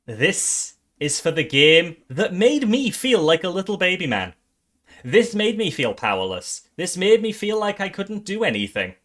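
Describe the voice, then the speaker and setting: Running his own game awards on a live stream, this man sounds excitable and profane, frequently tripping over and restarting his sentences. His voice sits high.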